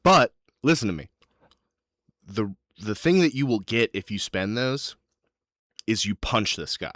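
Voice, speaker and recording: A man running a tabletop role-playing game as game master, narrating in a quick, animated way. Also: fairly low pitch, no room sound, clean studio sound. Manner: animated, quick, swears casually.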